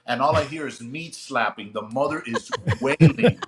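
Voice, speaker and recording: A middle-aged man, a retired police sergeant, telling a story in a lively, chatty podcast chat and often checking in with his listeners. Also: mid-range voice, moderate pace.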